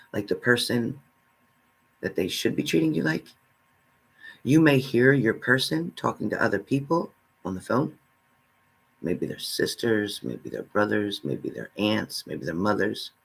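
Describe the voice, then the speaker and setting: A man's voice: on the low side, vocal fry, fairly bright tone, husky. A man giving a spiritual reading, speaking earnestly and straight to the listener, repeating his phrases. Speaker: spiritual reader.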